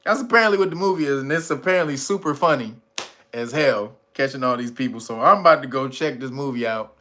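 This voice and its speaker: A man's voice: mid-range voice, expressive, quick pace, sharp tone. A man hosting a casual commentary monologue, blunt and profane, laughing often. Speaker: channel host.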